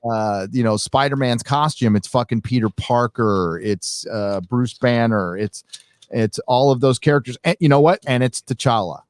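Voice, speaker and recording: A man's voice: medium pitch, moderate pace, dry recording, studio quality. A man hosting a casual podcast chat, talking emphatically and with frequent swearing. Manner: emphatic, profane. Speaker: podcast host.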